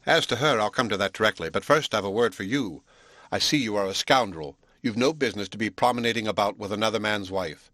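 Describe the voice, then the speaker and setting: Audiobook: male reader as a gruff proud Englishman, brusque and scolding, lowish voice, dry sound. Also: fast, sharp tone, dry recording. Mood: blunt.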